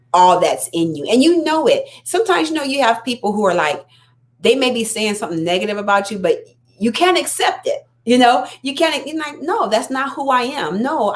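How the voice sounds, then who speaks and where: A woman speaks as a life coach in a motivational self-help talk. She is earnest and encouraging, and she often repeats a phrase to drive it home. Her voice sits at an ordinary middle pitch.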